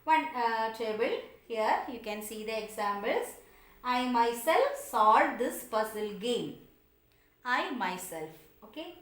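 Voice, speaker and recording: A woman's voice: fairly high pitch, animated, takes it slowly, fairly bright tone, reverberant. A woman teaching English grammar, patiently repeating examples and asking her students questions, with non-native English phrasing. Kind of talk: online grammar lesson.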